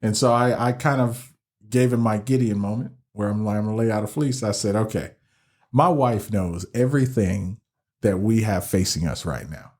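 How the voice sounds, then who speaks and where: Lively storytelling man, laughs a lot. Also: lowish voice, normal speed. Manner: animated, laughs often, many restarts and "like". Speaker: podcast guest. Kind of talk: casual storytelling interview.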